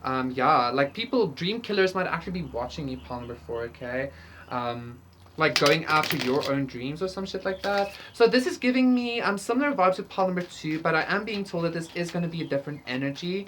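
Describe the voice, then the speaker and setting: A woman with a low, deep voice talks through a tarot reading in a loose, rambling way. She curses casually and leans on fillers. A faint hiss sits under the recording. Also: brisk. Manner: rambling, profane, lots of fillers, laughs often. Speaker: tarot reader.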